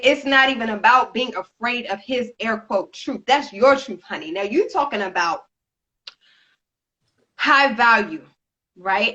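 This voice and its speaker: Sassy bright woman on a dull line. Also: on the high side. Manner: sassy, rhetorical, addresses listeners as honey and girl. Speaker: co-host. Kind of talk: casual chat.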